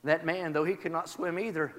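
A man preaching a sermon, moving from quiet testimony to shouted, rhythmic praise. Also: fairly high pitch, fairly even intonation, a little fast. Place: church. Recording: long reverb of a large hall. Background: congregation responding.

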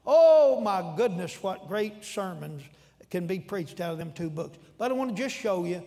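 High-voiced man preaching in a reverberant hall. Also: normal speed, gravelly. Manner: folksy, animated storytelling with sudden shouts. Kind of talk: sermon. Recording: long reverb in a large hall.

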